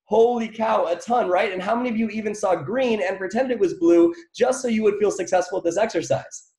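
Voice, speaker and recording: A man delivers an energetic motivational talk to a room full of listeners, quizzing them and repeating his phrases over and over. His voice sits a little high with a soft, mellow tone. The sound rings with the echo of the room. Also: fast. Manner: energetic, repeats phrases, asks the crowd questions. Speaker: motivational speaker. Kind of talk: live motivational talk to an audience. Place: room with an audience.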